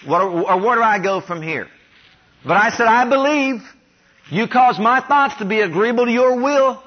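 A man from Ohio preaches a sermon in a high voice, leading the congregation in call-and-response declarations. He grows louder and higher as he repeats them. The recording sounds dull and lo-fi. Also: expressive, moderate pace. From Ohio, USA. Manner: has the congregation repeat declarations after him.

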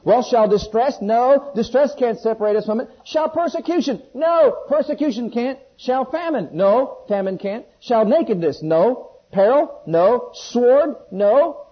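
A man preaching a sermon, shifting between loud, ringing scripture questions and hushed, intimate pleading, with questions put to the congregation. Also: very high-pitched, expressive, a little slow, few pauses. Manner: call-and-response questions to the congregation. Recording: dull, lo-fi sermon recording.

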